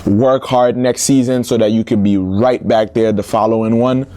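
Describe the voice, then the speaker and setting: A man's voice: on the low side, fairly even intonation, moderate pace, mellow. A young man hosting football news, chatty and joking, with slangy asides. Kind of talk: casual football news commentary.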